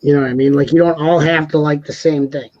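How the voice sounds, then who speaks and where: A man's voice: a little high, fairly even intonation, fast talker, a little mellow, dry recording, dull audio. Rambling laid-back man on a stream. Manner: rambling, repeats words, laughs often. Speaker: live stream co-host. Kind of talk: casual panel chat.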